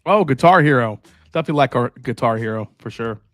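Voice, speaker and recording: A man's voice: mid-range voice, expressive, fast, a bit bright, dry recording, faint music behind. A man hosting a live stream, chatting casually and rambling while tasting and answering viewer comments. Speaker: host.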